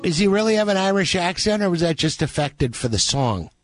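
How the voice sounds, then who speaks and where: A man's voice: high-pitched, big pitch swings, fairly quick. A man hosting a radio music show, chatting casually and joking with his guest. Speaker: radio host.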